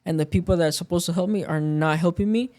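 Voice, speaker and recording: High-voiced man telling a work story. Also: fast, a little mellow. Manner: storytelling, acts out quoted dialogue. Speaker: podcast guest. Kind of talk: casual chat.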